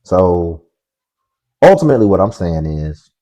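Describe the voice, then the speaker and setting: A man's voice: deep voice, sing-song, a little slow, warm tone. A man hosting a reaction commentary, lecturing and reasoning step by step in dull, lo-fi audio. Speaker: commentary host.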